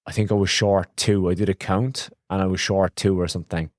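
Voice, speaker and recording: A man's voice: sits low, flat delivery, a little fast, darkish tone, dry recording, clean studio sound. A man hosting a podcast and telling a rambling, frank story in casual talk, swearing now and then. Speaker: podcast host, electrician.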